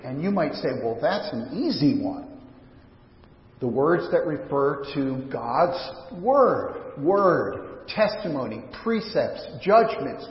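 A man's voice: fairly high pitch, very animated, slow. A pastor preaching a sermon in a conversational, searching way, often restarting his sentences, recorded in a church sanctuary. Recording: echoey church hall, dull lo-fi sound.

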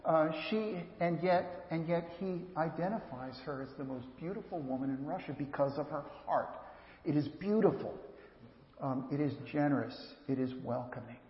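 A man's voice: a little high, normal speed. A man preaching a sermon as pastor, earnest, often repeating and restarting phrases as he speaks straight to the children. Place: church sanctuary. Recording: echoey church hall, slightly dull sound.

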